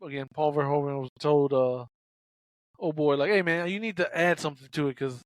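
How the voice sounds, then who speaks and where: A man with a high voice talks over a dry, close microphone in a casual podcast chat. He tells behind-the-scenes stories in a jokey, chatty way and acts out the characters' lines. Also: fairly even intonation, brisk, dry recording. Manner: jokey, chatty, shares trivia, acts out quotes. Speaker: podcast co-host. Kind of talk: casual film recap chat.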